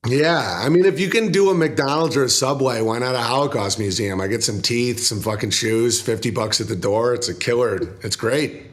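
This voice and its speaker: A male comedian guest telling profane, animated stories in casual interview chat, laughing often. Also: medium pitch, normal speed, hardly any pauses.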